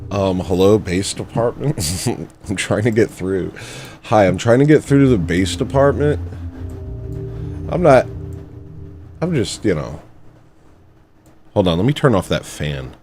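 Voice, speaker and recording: A man hosting a satirical livestream, telling stories in a sarcastic, deadpan way from a room at home. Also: fairly low pitch, moderate pace, soft background music. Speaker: livestream host.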